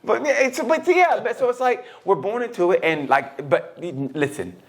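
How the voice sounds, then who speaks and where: A middle-aged man co-hosting a podcast, telling stories in casual conversation and acting out the voices of the people in them. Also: moderate pace. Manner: animated storytelling, swings between high and low, acts out quotes. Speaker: podcast co-host.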